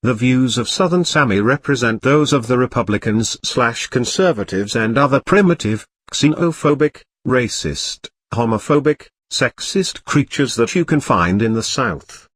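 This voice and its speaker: A man narrating a scripted comedy story in a flat, matter-of-fact way. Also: medium pitch, moderate pace, hardly any pauses, husky, dry recording.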